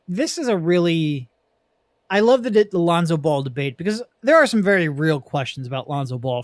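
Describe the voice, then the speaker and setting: A young man hosting a casual sports podcast, chatty and quick with asides, laughing easily. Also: on the high side, a little mellow, no echo, clean studio sound. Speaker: podcast host.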